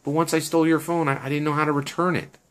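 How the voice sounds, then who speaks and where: A man's voice: on the high side, level tone, quick pace, a little hiss or hum, voice pushed up, lightly acted. A man voicing Natalia, an upset but apologetic teenage girl, in a told story.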